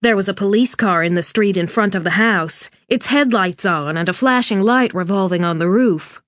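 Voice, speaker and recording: A woman narrating a suspense novel in a measured, even scripted reading. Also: mid-range voice, no echo. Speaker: audiobook narrator. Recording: dry studio read.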